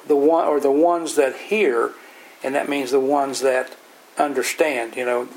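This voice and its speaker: A man's voice: medium pitch, a little hiss or hum, rough recording. A man leading an informal Bible study, telling folksy, plain-spoken stories and explaining scripture verse by verse.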